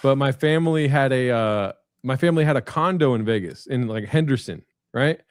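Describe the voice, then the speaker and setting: A man at an ordinary, middle pitch spins a long, meandering anecdote over a video call, peppered with "like," "um" and casual swearing. His voice sounds close and dry. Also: expressive, fairly quick, clear, resonant tone, no echo. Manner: rambling anecdotes with frequent fillers and profanity. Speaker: guest comedian. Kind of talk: casual storytelling chat.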